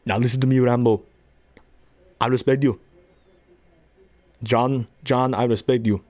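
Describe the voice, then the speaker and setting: A man's voice: mid-range voice, fairly even intonation, measured pace, darkish tone, no echo, lightly acted. A man putting on a boastful action-star muscleman, clipped and heavy.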